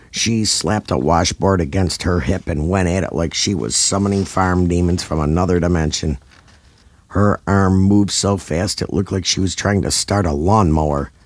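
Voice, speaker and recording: Deep-voiced man narrating a comedy. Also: dry recording. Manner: dramatic, over-the-top storytelling.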